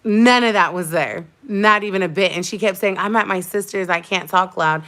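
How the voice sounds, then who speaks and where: This young woman, a vlogger, talks directly to viewers in a relaxed livestream, her mid-range voice moderately paced and a bit bright. She recounts events heatedly, returning to the same points again and again for emphasis.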